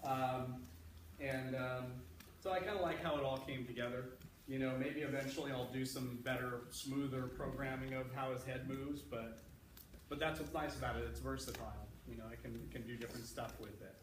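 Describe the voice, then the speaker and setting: A man's voice: mid-range voice, steady tone, normal speed, noisy background. A male electrical engineer, a guest speaker, patiently explaining things to a class of children in an easygoing way, with many fillers and restarts. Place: school library. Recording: echoey room heard from a distance.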